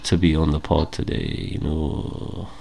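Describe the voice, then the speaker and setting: A man voicing a monotone, dull Scottish sportsman with a Scottish accent. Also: rumbling low, measured pace, creaky, a little hiss or hum, pitched below the performer's own voice, full character voice. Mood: flat.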